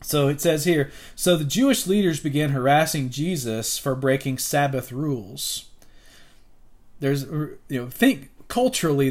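A man in his forties teaching a casual Bible lesson, retelling the story and acting out the characters' lines. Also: medium pitch. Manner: animated, acts out the characters' lines.

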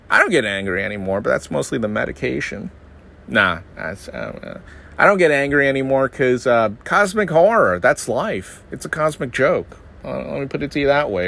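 A man from the Northeastern United States hosting a podcast, telling stories in a rambling, self-deprecating way and jumping into high mocking voices when he quotes others. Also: fairly bright tone. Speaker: podcast host. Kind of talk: casual comedic monologue.

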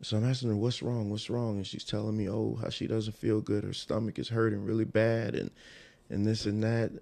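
A man's voice: fairly low pitch, level tone, a little fast, vocal fry, a little mellow. A man telling an emotional personal story in a rambling, casual way, repeating himself and restarting sentences.

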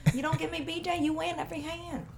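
A woman's voice: very high-pitched, fairly even intonation, quick pace, crowd noise, pitched above the performer's own voice. A woman voicing a brash older female casino gambler with a put-on Vietnamese accent and clipped broken English. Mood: rude.

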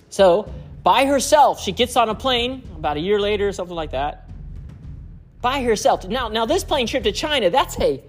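A man's voice: high voice, very animated, moderate pace, soft background music. A man preaching through a personal story, chuckling often as he talks. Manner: chuckles often while telling stories. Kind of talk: storytelling sermon.

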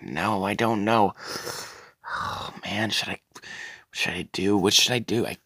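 A man's voice: fairly low pitch, unhurried, sharp tone, dry recording, studio quality, pitched above the performer's own voice, full character voice. A man voicing a nervous, crude woman contestant on a quiz show sketch, rambling and flustered with off-color jokes. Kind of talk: comedic sketch character voice.

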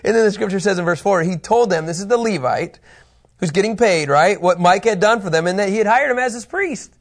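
A man's voice: high voice, fairly quick. A middle-aged man teaching a Bible study lesson in a conversational, joking way. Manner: conversational, animated, jokey.

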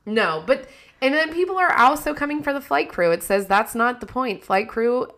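A woman's voice: on the high side, expressive, normal speed, fairly bright tone. Woman co-host; chatty, giggly, loose casual delivery. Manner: chatty, laughs often, says "like" a lot. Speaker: podcast co-host. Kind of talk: casual chat.

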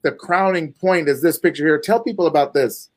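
Emphatic man hosting an interview. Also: a little high. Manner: emphatic, preacher-like repetition and slowed emphasis. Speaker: host. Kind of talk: livestreamed interview.

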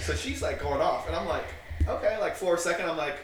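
This time the co-host's voice is on the high side and quick-paced as he rambles through a casual story, acting out dialogue and using lots of filler words. A distant mic gives a roomy sound with faint noise.

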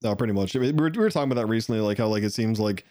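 A man's voice: lowish voice, racing, warm tone, dry recording, studio quality. A man chatting on a podcast, crude, laughing often, with lots of filler words. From Ireland. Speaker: podcast guest. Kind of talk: casual podcast chat.

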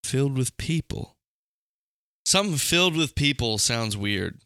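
Young dude from alabama cohosting, sharp bright voice, dry close mic, jokey and guesses out loud. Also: male voice, mid-range voice, lively intonation, unhurried, clean tone, no room sound. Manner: joking, thinks aloud while guessing. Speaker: podcast co-host. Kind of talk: casual podcast chat.

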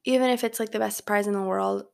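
A young woman talks through her own casual podcast from her bedroom, rambling and leaning on filler words. Her pitch sits mid-range, but her voice drops into a noticeable vocal fry. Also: steady tone, fast talker, a little mellow. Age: young adult. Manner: rambling, filler-heavy chatter. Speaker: podcast host. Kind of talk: casual solo podcast chat. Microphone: home microphone.

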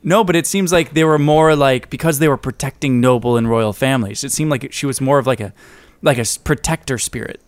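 A man co-hosting a podcast in casual chat, excitable and slangy with plenty of swearing. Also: medium pitch, fairly quick, no room sound. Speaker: podcast co-host.

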